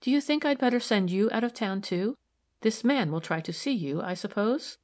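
A woman voicing a keen, firm probation worker who speaks in crisp, correct sentences, in a storybook reading. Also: medium pitch, animated, moderate pace, darkish tone, voice pushed up, lightly acted. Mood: stern.

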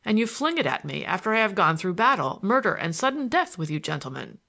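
A woman voicing a gentle, sympathetic priest who speaks earnestly with mild humour. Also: fairly low pitch, very animated, fairly quick, gravelly, heavily acted. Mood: wry. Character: gentle middle-aged priest, sympathetic and kind.

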